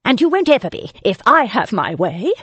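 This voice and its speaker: Woman doing a shrill bitter old lady. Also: sing-song, normal speed, a little mellow, slightly rough, no echo. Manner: shrill, hissing. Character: grieving older noblewoman, bitter and shrill.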